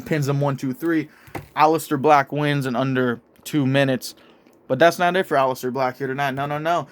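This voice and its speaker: A young man casually narrating a made-up wrestling storyline in an excitable, profane play-by-play manner. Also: mid-range voice, moderate pace. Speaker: show host narrating a toy wrestling storyline.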